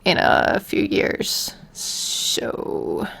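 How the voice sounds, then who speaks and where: A woman's voice: very slow, a bit bright. A woman on a casual livestream, answering viewer questions in a rambling, giggly, self-deprecating way.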